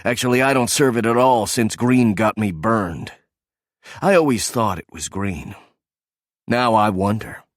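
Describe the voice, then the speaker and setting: A bitter, sarcastic male ex-agent, voiced by a man, low and accusing. The sound is close and dry. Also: a little slow, no room sound, lightly acted.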